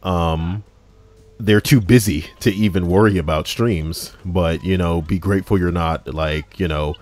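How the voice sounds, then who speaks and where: A man's voice: low voice, steady tone, a little slow, a little mellow. A man hosting a podcast in casual chat, full of crude, teasing banter. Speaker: podcast host.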